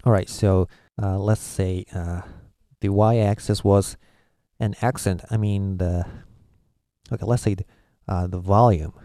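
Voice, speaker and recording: A man with a low, dark-toned voice explains a video lesson with patience. He pauses often on drawn-out fillers as he searches for words. The sound is dry and close. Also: fairly even intonation, dry recording. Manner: halting, full of "uh" pauses, patient. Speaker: language teacher.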